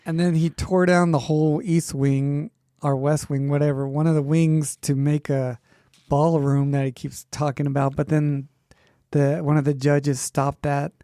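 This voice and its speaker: A man's voice: on the high side, flat delivery, a little slow, mellow, no echo, clean studio sound. A man co-hosting a podcast in casual chat, teasing and joking and mimicking other people's voices. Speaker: podcast co-host.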